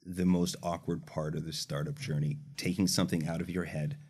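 A man's voice: sits low, level tone, fairly quick, a little mellow, breathy edge. A man with a Canadian accent, a startup founder explaining his early product journey in casual podcast talk. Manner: earnest, explanatory, some restarts.

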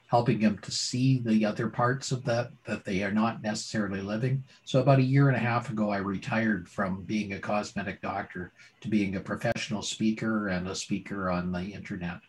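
A man's voice: fairly low pitch, steady tone, a little fast, hardly any pauses, slight background noise, rough recording. A middle-aged man, a former doctor and now a speaker, telling his story as an interview guest with dramatic pacing and rhetorical questions.

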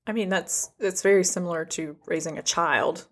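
A woman with a slightly low voice hosts a relaxed podcast conversation. She keeps things moving with questions and easy, friendly remarks. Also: normal speed. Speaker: podcast host. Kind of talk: casual podcast chat.

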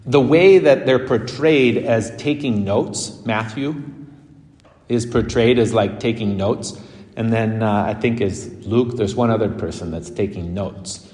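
Chatty priest in an echoey church. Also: male voice, on the low side, unhurried. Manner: chatty and animated, with frequent laughing asides. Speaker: Catholic priest. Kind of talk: conversational homily. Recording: echoey church with long reverb.

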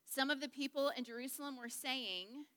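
Woman, Bible study teacher, chatty and joking, clear ringing voice, slightly high. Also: normal speed, a bit bright, long reverb tail. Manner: chatty, jokey, checks in with the group. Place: large room with a group.

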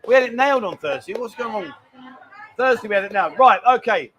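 A man's voice: high-pitched, lively intonation, fast, a bit bright, muffled recording, slight background noise. A man with a London accent hosting a casual live show, chatty and joking, often calling people mate and darling. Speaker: host. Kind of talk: casual chat.

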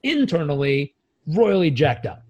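A man coaching as a podcast guest, telling stories in an energetic, emphatic and casually profane way. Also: fairly high pitch, measured pace, dull audio. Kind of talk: podcast interview storytelling.

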